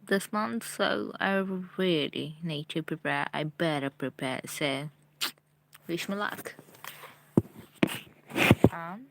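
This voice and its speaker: Young female streamer from India, chatty with viewers, slow and low. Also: vocal fry, a little hiss or hum. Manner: chatty, talks straight to viewers. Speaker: live streamer. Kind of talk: casual live-stream chat.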